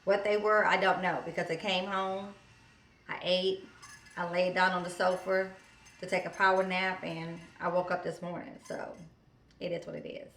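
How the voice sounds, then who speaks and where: A woman's voice: on the low side, little pitch movement, normal speed, fairly bright tone. A woman vlogging in a casual, chatty way, telling stories with fillers and asides. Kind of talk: casual chat.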